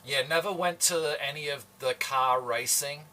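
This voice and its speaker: Cooking as he talks, this Adelaide man keeps up a relaxed, slow-paced chat with his livestream audience and says hello to viewers. His accent is slightly Australian and his pitch fairly high. The mic picks him up from a bit of a distance.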